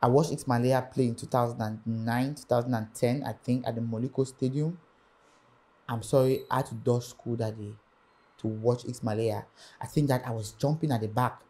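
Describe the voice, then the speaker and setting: Brief: young male musician, lively interview storyteller who acts out the voices in his story. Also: medium pitch, normal speed. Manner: animated storyteller acting out quoted voices. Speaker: music artist guest.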